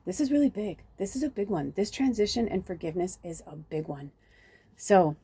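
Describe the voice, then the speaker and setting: A woman's voice: mid-range voice, expressive, a little fast, dark tone, breathy edge. A woman reading oracle cards and telling myth in a chatty, casual spiritual style, talking from home near a busy road. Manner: chatty, swears, many fillers. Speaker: psychic reader.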